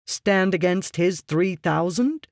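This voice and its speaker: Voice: medium pitch, expressive, a little slow, darkish tone, no echo, studio quality. An audiobook reader voicing a ruthless, scheming merchant man who talks down to others in a curt, lecturing way. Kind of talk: audiobook character reading.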